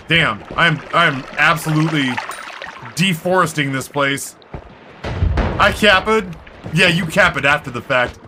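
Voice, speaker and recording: A man giving wry, profane running commentary while playing a video game, with sudden high yelps. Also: unhurried, noisy background. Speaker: game streamer. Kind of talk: casual gameplay commentary. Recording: game music loud behind voice.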